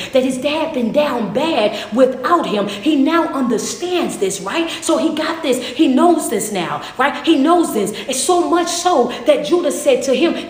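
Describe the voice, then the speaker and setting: A woman's voice: sits high, roomy sound. A woman preaching a Bible story in casual, colloquial speech, dramatic and repetitive, with emphatic callbacks to her listeners. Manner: colloquial Southern US English. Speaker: motivational speaker. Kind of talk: sermon-style preaching.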